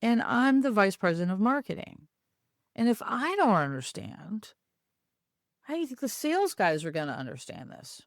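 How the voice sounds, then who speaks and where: A woman's voice: mid-range voice, moderate pace, dry recording, studio quality, voice pushed up. A woman quoting a patient male boss. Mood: patient coaxing. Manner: calm, coaxing, explaining step by step. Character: patient soft-spoken male marketing boss.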